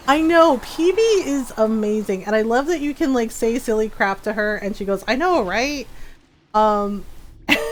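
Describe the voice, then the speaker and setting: A woman streamer chatting casually with viewers, laughing often and acting out quotes in a lively retelling. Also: high-pitched. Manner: giggly, animated retelling with acted-out quotes.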